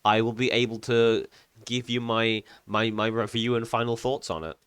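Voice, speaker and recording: A man hosting a casual podcast, easygoing and quick to agree with his co-host. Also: medium pitch, steady tone, a bit bright, smooth, no echo. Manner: easygoing, brief agreeing replies. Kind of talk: casual chat.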